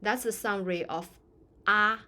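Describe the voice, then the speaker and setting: A woman's voice: mid-range voice, a little slow, bright, forceful tone. A woman teaching a lesson in English, explaining patiently with many fillers and acting out example phrases. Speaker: Chinese language teacher.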